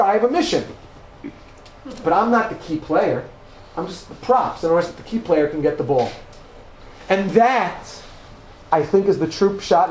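High-voiced man lecturing in an echoey room. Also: a little mellow, a little hiss or hum. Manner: conversational, emphatic, repeats words for stress. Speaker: rabbi teaching a class. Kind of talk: Torah lecture to a live audience. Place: room with a live audience.

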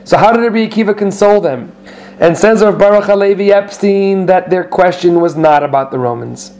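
A high-pitched man teaching a Torah class in a conversational way. He reads out passages in Hebrew and Aramaic, then explains them in English, often restarting his sentences as he goes. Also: fairly quick, a little mellow. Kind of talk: informal Torah lesson.

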